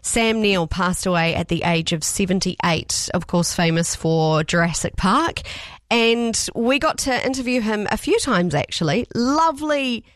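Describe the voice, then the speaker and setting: A woman's voice: fairly low pitch, a little slow, fairly bright tone, no echo. NZ woman radio host, upbeat, dry close mic. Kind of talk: radio presenting.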